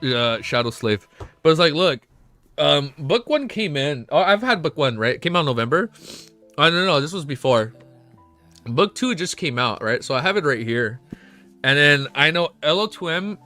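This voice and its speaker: A young male streamer talking to his chat in a lively voice that swoops up and down. His tone is bright and forceful, and he curses freely as he gets worked up. Faint music plays behind him. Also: fairly high pitch. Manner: excitable, swears often, emotional swings. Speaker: livestreamer. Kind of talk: casual live stream chat.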